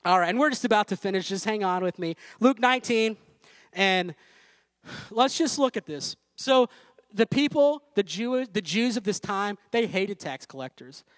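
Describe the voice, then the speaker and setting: High-voiced man preaching casually. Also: expressive, moderate pace, fairly bright tone, no echo. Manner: conversational preaching with sung snippets and jokes. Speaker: pastor. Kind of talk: sermon. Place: church room.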